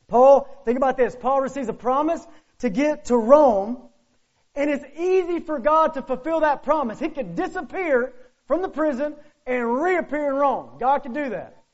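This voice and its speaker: High-voiced man preaching a lively sermon. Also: normal speed. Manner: animated, rhetorical questions, swings between loud and hushed. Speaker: pastor. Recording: muffled lo-fi sermon recording.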